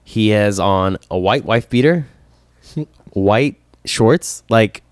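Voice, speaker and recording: A man on a casual podcast, telling a long story with lively swings and quoting himself in a higher voice. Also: takes it slowly, dry recording, studio quality. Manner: animated storyteller, voice jumps up when quoting himself. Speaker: podcast co-host.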